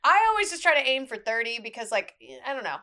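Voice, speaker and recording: Lively, bright-voiced woman podcast host. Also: sits high, fast. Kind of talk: casual podcast chat.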